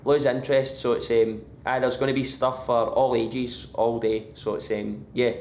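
A man's voice: medium pitch, little pitch movement, normal speed, darkish tone, reverberant, a little hiss or hum. A Scottish man, a band member guest, talking casually with many fillers and restarts. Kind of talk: casual interview. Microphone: remote line from abroad.

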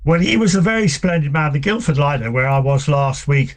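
A man, a book author answering interview questions in a relaxed, hesitant way with many fillers. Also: a little high, a little fast. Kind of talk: conversational interview.

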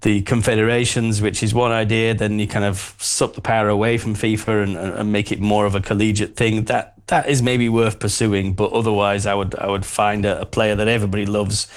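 Caller guy w a lowish voice, opinionated, keeps restarting his sentences. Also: flat delivery, brisk, few pauses. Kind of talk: phone-in call.

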